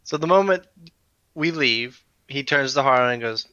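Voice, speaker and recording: A man's voice: medium pitch, normal speed, sharp tone, smooth, no room sound, highs cut off. A man chatting casually as a tabletop game player, a bit hesitant, narrating what his character does.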